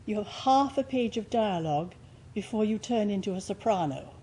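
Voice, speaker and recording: An older actress telling stage anecdotes in an interview, with a lively, theatrical delivery. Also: female voice, mid-range voice, moderate pace, slightly rough, rough recording.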